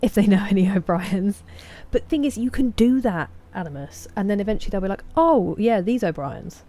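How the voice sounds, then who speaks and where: A woman's voice: medium pitch, brisk, warm tone. A young woman from England with an English accent, streaming a game and chatting casually with her live chat, greeting viewers by name. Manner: chatty, reads viewer names and greets them.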